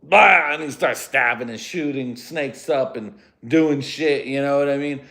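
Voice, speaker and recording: A man's voice: mid-range voice, fairly even intonation, moderate pace, a bit bright. A man who grew up speaking Spanish, hosting a rambling, profane solo comedy podcast from his home garage. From United States. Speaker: podcast host.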